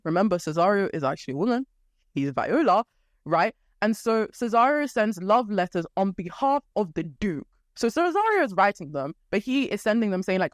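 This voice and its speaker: A young woman hosting a podcast, retelling a story in a casual, playful way and acting out quick quotes from the characters. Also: medium pitch, very animated, no echo, studio quality. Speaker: podcast host.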